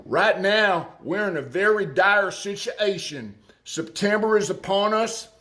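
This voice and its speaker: Man putting on an Arkansas accent, grim plain-spoken farmer, slow delivery. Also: sits high, sharp tone. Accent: put-on Arkansas.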